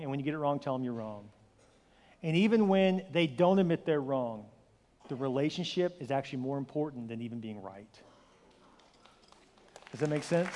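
A pastor in his forties preaching a sermon, telling stories with acted-out dialogue and lively delivery. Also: fairly high pitch, a little hiss or hum. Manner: animated storytelling, acts out dialogue with shifting voice. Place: large church hall. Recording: hall reverb.

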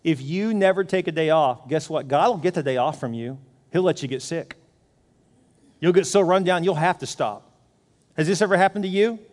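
Middle-aged male pastor, lively sermon delivery, higher-pitched, in a reverberant church hall. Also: moderate pace. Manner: animated, acts out his own inner voice.

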